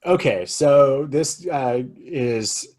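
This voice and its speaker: A man's voice: mid-range voice, animated, extremely slow, darkish tone. A man co-hosting a casual film review podcast, rambling and joking with lots of fillers. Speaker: co-host. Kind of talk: casual movie review chat.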